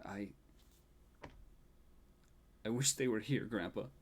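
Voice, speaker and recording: A man's voice: lowish voice, takes it slowly, gravelly, slight background noise. A man lending his own voice to an anxious young groom in a tabletop game. He talks hesitantly and a little unsteadily, with no big vocal change from the narration. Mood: shaky. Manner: hesitant, unsure.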